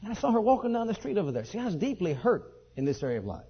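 A man preaching a sermon and telling his own testimony, leaping from high excited outbursts to low quiet asides. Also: rapid-fire, slightly rough. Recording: dull lo-fi sermon recording.

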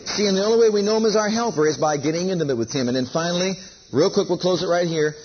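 A man's voice: high-pitched, fast talker, highs cut off, slight background noise. A man preaching a sermon, emphatic and repeating key phrases, leading listeners to say lines after him.

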